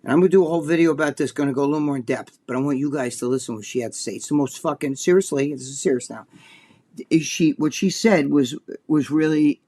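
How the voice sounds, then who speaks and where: Brief: male co-host, a bit high-pitched, profane and rambling, casual talk. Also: quick pace, warm tone. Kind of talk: casual chat.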